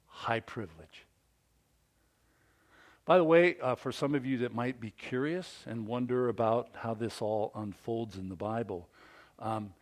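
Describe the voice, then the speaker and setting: A man preaching a sermon who asks his listeners questions, rising on key words and then dropping low. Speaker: pastor.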